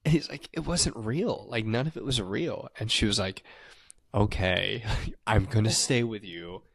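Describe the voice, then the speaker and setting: Man, low voice, podcast co-host, animated movie recap, swearing, acts out quotes, dry close sound. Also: normal speed, vocal fry, no room sound. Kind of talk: casual movie recap chat.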